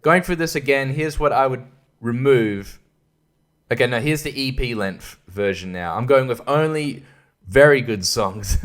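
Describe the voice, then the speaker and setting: A man giving a casual, sweary, sarcastic album review, often laughing at his own jokes. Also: medium pitch. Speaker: music reviewer.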